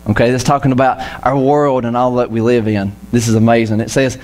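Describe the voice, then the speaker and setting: A man's voice: mid-range voice, a little fast, a little hiss or hum. A man preaching a casual, joking sermon in church, often acting out the voices of the people he quotes. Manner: lively, jokey, acts out quoted voices. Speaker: pastor. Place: church auditorium.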